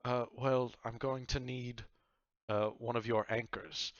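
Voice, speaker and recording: A man's voice: mid-range voice, flat delivery, slow, no room sound, dull audio, voice pushed up, lightly acted. A man voicing a female witch who bargains hesitantly in a tabletop role-playing game. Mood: pleading.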